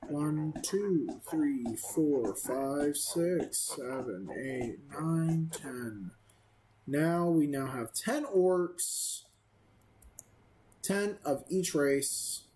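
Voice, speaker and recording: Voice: medium pitch, expressive, drawn-out words, mellow, slight background noise, rough recording. A gaming video creator giving casual let's-play commentary, rambling and self-amused, with many fillers.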